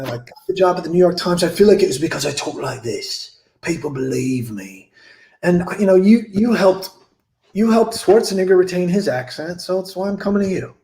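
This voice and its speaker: A man's voice: high voice, a little fast, darkish tone, reverberant, slight background noise, lightly acted. A man voicing a harried newspaper editor who stammers when exasperated.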